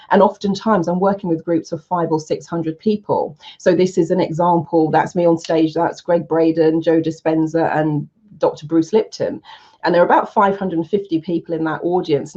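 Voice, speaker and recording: A middle-aged woman presents an energy healing talk in a low, mellow voice. She paces her points deliberately and slows right down to let the important phrases land. The audio is dull and lo-fi. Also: breathy edge. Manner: measured, drawing out key phrases slowly. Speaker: Huna energy healing practitioner.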